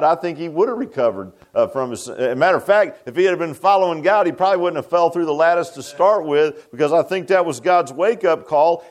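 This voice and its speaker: A middle-aged man, preaching a sermon as pastor, pressing questions with a rhetorical "huh?". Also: a little high. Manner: preachy, rising to fervent emphasis with rhetorical "huh?".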